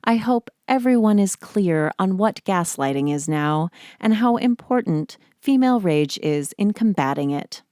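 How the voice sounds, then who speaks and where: A woman podcast host giving scripted narration in a measured, deliberate way. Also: mid-range voice, a little mellow, smooth, no echo, clean studio sound.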